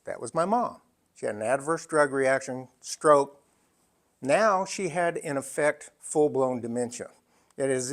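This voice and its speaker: A man in his sixties giving an emphatic storytelling talk, full of dramatic pauses. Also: medium pitch. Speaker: speaker.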